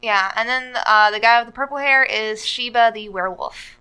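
A woman's voice: a little high, moderate pace, pushed and bright, clear, resonant tone, low-quality recording. A woman on a podcast, chatting casually and rambling with lots of "uh" and "like". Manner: rambling, full of "uh" and "like". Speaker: podcast co-host. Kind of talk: casual chat.

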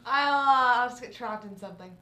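Brief: podcast co-host, bright tense-edged woman, teasing, echoey and away from the mic. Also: on the high side, fairly quick. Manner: self-deprecating, teasing, giggly. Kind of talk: casual podcast banter.

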